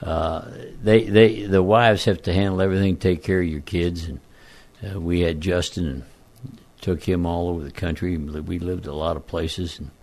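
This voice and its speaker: An older man with a very low, croaky voice, like a frog by his own account. He talks in a folksy, self-deprecating way and rambles through his stories as a radio talk show guest. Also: steady tone, normal speed, darkish tone. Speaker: guest, former football coach. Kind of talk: casual radio interview storytelling.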